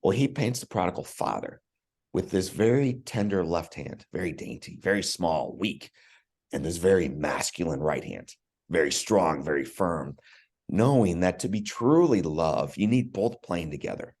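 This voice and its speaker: Low-pitched and darkish, this man's voice has lively intonation and moves at a moderate pace. As a podcast guest he tells a personal story with earnest emotion, frequently repeating words when starting over.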